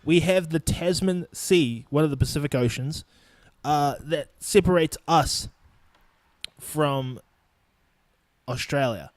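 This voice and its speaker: Brief: young New Zealand-accented man, swearing podcast host, slightly high voice, dry close sound. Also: slow, pauses often, no room sound. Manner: blunt and profane, laughing between points. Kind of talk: casual solo podcast rant.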